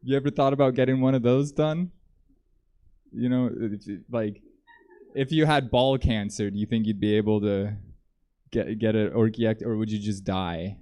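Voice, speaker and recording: Deadpan rambling male stand-up comic. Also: on the low side, moderate pace. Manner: rambling deadpan delivery, many ums. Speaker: stand-up comedian. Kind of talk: stand-up comedy set. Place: comedy theater stage.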